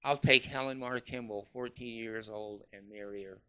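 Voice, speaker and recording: A man's voice: fairly low pitch, fairly even intonation, moderate pace, sharp tone, clear, resonant tone. A man mocking a smug greedy cult leader.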